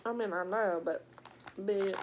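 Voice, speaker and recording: A woman's voice: medium pitch, sharp tone, slight background noise. A woman with an American country accent, chatting crudely and joking while eating on camera in a casual vlog. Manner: crude, joking, laughs a lot. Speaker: mukbang vlogger.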